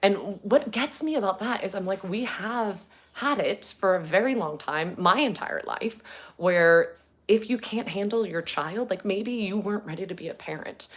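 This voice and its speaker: A woman's voice: mid-range voice, moderate pace, fairly bright tone. A woman in her thirties, a podcast host, talking earnestly and casually at home with lots of fillers. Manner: chatty, earnest, many fillers. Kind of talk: casual talk to camera.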